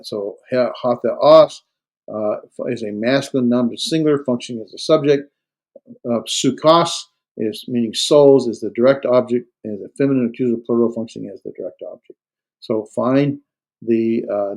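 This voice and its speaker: A man's voice: medium pitch, darkish tone, poor audio. A man teaching a Greek grammar class, explaining step by step with many fillers, restarts and hard stress on key words. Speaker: Greek instructor. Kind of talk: classroom lecture. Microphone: recorded lecture.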